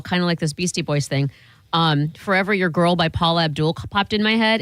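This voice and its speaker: A woman's voice: lowish voice, no echo. A woman co-hosting a radio show in casual chat, telling stories about herself with laughs and a self-mocking manner. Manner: self-deprecating storyteller, animated, laughs often. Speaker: radio co-host.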